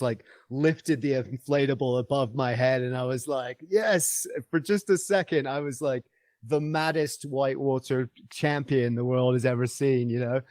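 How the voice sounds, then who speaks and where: A man's voice: medium pitch, a little mellow, no room sound. A man guest on a podcast interview, telling a travel story in an enthusiastic, rambling way with many fillers and restarts.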